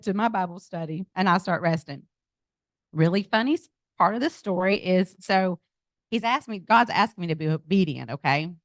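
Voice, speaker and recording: A middle-aged woman giving a lively personal testimony to a group, speaking to them directly. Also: medium pitch, no echo. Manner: animated storytelling, addresses audience as y'all. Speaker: speaker at a business event. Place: event venue.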